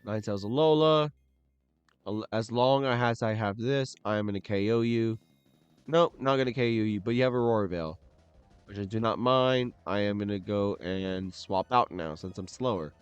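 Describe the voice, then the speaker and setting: Talking through his own competitive match move by move, a young man keeps his casual commentary to a mutter, then suddenly shouts in frustration. His medium-pitched voice has a clean tone with no room sound, though the audio is dull.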